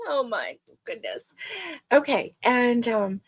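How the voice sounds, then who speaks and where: A middle-aged woman hosting a casual livestream, chatting warmly and greeting viewers by name. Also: medium pitch, extremely slow. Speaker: livestream host.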